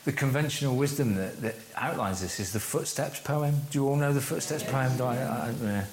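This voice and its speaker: A man leading a church course, giving a teaching talk to a group and slowing down to stress key phrases. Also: mid-range voice, crowd noise. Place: room with a live audience. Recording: echoey room.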